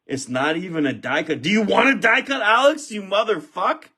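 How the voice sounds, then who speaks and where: A man hosting a live trading card box break, excitable and profane, shouting when big cards are pulled. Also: sits high, moderate pace, breathy edge.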